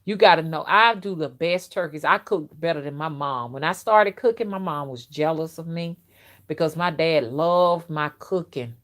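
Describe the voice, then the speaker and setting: A woman's voice: deep voice, moderate pace. Chatty woman telling stories. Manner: chatty, outspoken, animated with frequent restarts. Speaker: livestream host and rootworker. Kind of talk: casual storytelling to a live chat. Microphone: phone.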